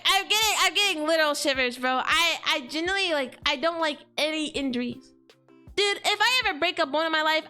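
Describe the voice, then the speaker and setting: A woman's voice: high-pitched, pushed and bright. A woman streamer in casual chat, slangy and exclaiming, heavy on fillers like "like" and "dude".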